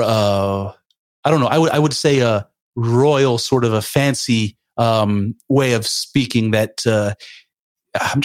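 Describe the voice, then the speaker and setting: Hesitant American man, mid-pitched. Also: dry recording. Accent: General American. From United States. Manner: hesitant, many ums and restarts, searching for words. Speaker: podcast guest. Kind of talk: casual conversation.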